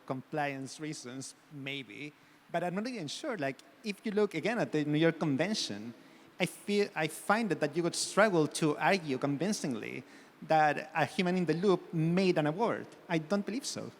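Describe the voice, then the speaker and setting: A man's voice: on the high side, normal speed, slight background noise. A man speaking as a panelist in a panel discussion, hedging often with fillers and restarts. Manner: hedging, many "you know" fillers. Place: conference hall. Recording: long hall reverb.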